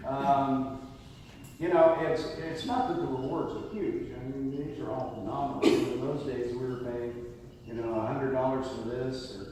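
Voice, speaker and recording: An older retired detective tells his stories in a lively, rambling way and often starts a sentence over. His voice is mid-pitched and sounds far from the mic. A long hall reverb and faint background noise surround him. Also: moderate pace. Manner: animated anecdotes, frequent self-interruptions and laughs. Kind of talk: interview storytelling.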